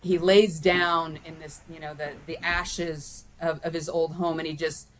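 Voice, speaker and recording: A woman's voice: sits low, flat delivery, unhurried. A woman talking casually about a film with her son, rambling with many restarts and fillers. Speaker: guest, host's mother. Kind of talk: casual film review chat.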